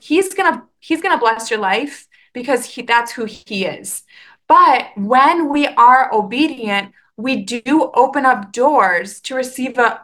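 Upbeat woman podcaster, bright higher voice, earnest, chatty, lively restarts; casual faith talk. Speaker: podcast host.

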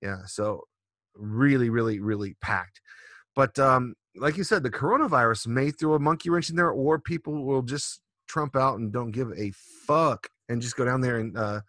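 Man, 40s, podcast co-host, casual profane storytelling, bright tone, dry close sound. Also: medium pitch, moderate pace, no room sound. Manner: loose and profane, rambling storyteller. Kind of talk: casual drinking-podcast chat.

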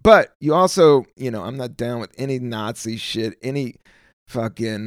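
A man's voice: medium pitch, lively intonation, moderate pace, smooth, no room sound, clean studio sound. A middle-aged man from the United States, a comedian hosting his own solo podcast, rambling loosely with plenty of swearing and trailing off while searching for words. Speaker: podcast host.

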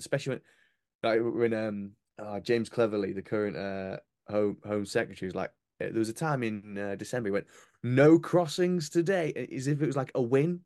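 Casting: man in casual chat, lively storyteller who laughs while talking, dry close sound. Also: lowish voice, no echo.

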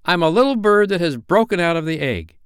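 A man's voice: sits high, animated, brisk, clear, resonant tone, dry recording, clean studio sound, pitched above the performer's own voice. A man voicing a bold, fearless, proud boy hero in a storybook reading, calling out in a ringing, cocky way. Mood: defiant.

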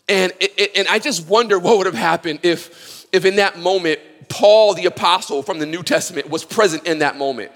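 A man preaching a sermon with passion, swinging from loud cries to hushed pleading. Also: a little high, a little fast, in a large hall. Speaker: pastor.

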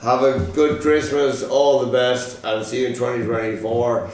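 A man runs a podcast quiz, joking around and swearing with easy good humour. His voice sits at an ordinary pitch. He sounds set back from the mic in a very echoey room with noticeable noise behind him. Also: level tone, normal speed, darkish tone, recorded from a distance. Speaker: podcast host, quizmaster. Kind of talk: casual quiz chat.

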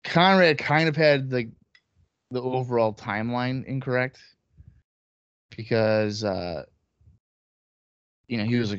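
A man's voice: mid-range voice, unhurried, pauses often, no echo. A man co-hosting a casual wrestling podcast, talking bluntly with plenty of swearing and teasing. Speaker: podcast co-host. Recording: dull, dry lo-fi recording.

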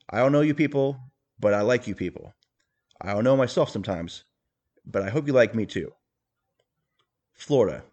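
A man playing an awkward, boastful rich politician in a comedic impression monologue, bragging in a stiff, folksy way with clumsy jokes. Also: lowish voice.

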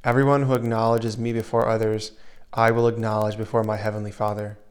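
A man preaching a sermon in an earnest way, dropping to a soft hush when he voices comforting words and rising again for emphasis. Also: fairly low pitch, level tone, a little fast. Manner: earnest, shifts between loud emphasis and soft hushed asides.

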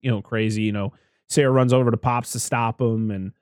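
A man's voice: medium pitch, fairly even intonation, a little fast, a little mellow, no echo, studio quality. A man in casual podcast chat, rambling through a movie recap, swearing freely and acting out the characters' lines.

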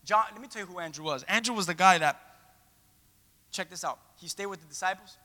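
High-voiced, playful male preacher. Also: brisk, long reverb tail. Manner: playful, animated storyteller acting out scenes. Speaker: pastor. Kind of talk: sermon.

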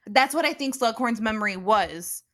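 A young woman co-hosting a podcast in casual chat, animated and quick to laugh. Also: fairly high pitch, dry recording, studio quality. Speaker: podcast co-host.

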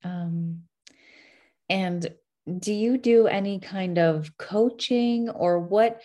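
A woman's voice: mid-range voice, extremely slow, dark tone. A woman hosting a podcast, chatting casually and enthusiastically with her guest. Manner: enthusiastic, chatty, frequent fillers and laughs. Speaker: podcast host.

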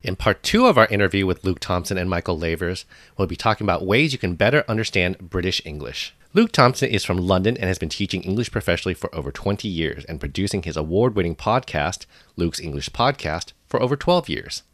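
A man's voice: low voice, expressive, a little fast, fairly bright tone, dry recording, studio quality. A Californian man co-hosting a podcast, reading guest introductions in a friendly, easygoing way. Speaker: podcast co-host.

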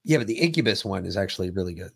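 A man's voice: sits low, lively intonation, racing, creaky, slightly rough, no echo, studio quality. A man hosting a podcast in casual chat, rambling and profane as he tells stories. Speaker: podcast host.

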